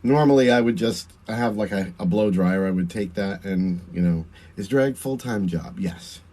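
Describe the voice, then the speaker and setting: Chatty Long Island drag performer. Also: male voice, deep voice, moderate pace, warm tone. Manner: chatty, laughs often, answers viewer comments. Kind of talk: livestream chat while doing makeup.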